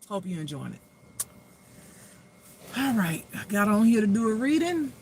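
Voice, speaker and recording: A spiritual intuitive reader chatting casually, praying and pulling cards in a slow, drawn-out, prayerful way. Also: mid-range voice, animated, a little hiss or hum. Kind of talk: casual chat and card reading.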